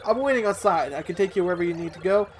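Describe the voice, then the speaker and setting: A man's voice: high-pitched, rapid-fire, noisy background, lightly acted. A man voicing a cheerful, willing helper robot in a game, upbeat and a little boastful. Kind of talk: reading game dialogue aloud.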